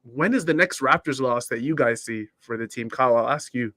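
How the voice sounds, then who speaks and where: A chatty man hosting a sports talk stream, reading out comments and laughing between points. His voice sits at a mid pitch and sounds dry and close, with no room around it. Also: a little fast, bright, forceful tone, no room sound. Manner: chatty, reads viewer comments, laughs often. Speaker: podcast host. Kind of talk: casual sports talk show.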